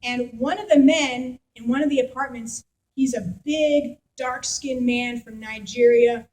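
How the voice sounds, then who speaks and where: A woman pastor giving a sermon in a church, telling stories in a lively, conversational way with the congregation. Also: a little high, unhurried, poor audio. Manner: animated storytelling, conversational with congregation.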